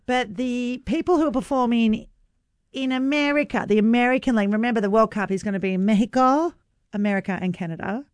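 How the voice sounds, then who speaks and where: A woman's voice: fairly high pitch, brisk, no echo. A woman co-hosting a breakfast radio show, chatty and upbeat as she brings up news items. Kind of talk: casual radio banter. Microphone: studio microphone.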